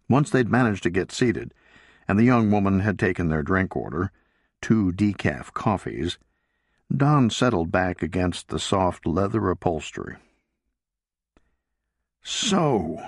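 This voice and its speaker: Deep low guy reading a book aloud, gravelly and husky, slow, dry close sound. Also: dry recording. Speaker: audiobook narrator. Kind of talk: scripted narration.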